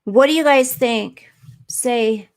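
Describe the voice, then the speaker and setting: A woman's voice: on the high side, slow pace. A woman hosting a live stream, chatting earnestly and emotionally with viewers and reading their comments.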